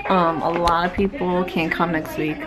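A woman's voice: fairly low pitch, level tone, normal speed, music in the background, low-quality recording. Candid rambling young woman vlogger. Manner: candid, rambling, sighs and trailing off. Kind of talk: casual vlog talk to camera. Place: family home indoors.

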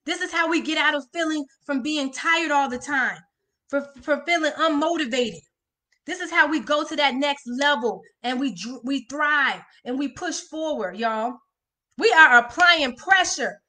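A woman's voice: sits high, moderate pace, pushed and bright. A woman life coach on a live stream, leading viewers through affirmations with lots of energy and repeated "y'all" and "all right.".

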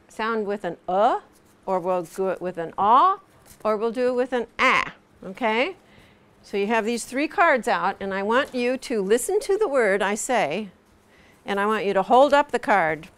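A woman's voice: medium pitch, smooth. A middle-aged woman teaching pronunciation to a class, patiently demonstrating sounds and repeating them. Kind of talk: classroom instruction. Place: classroom with students.

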